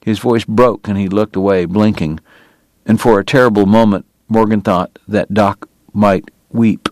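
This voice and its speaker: Steady male audiobook narrator. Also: fairly low pitch, no echo. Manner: measured, steady storytelling. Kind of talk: scripted narration.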